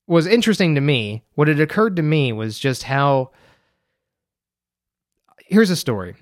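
This solo podcast host is a young man from the US who chats loosely and rambles, dropping frequent fillers. His pitch is fairly high, swinging widely, and he speaks at a measured pace. There's no room sound; it's studio quality.

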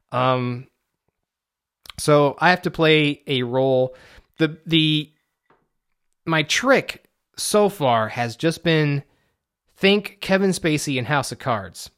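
A man's voice: on the high side, animated, slow pace, long pauses, a bit bright. A man in a casual, rambling vlog monologue, profane and self-deprecating. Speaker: vlogger; amateur stage actor.

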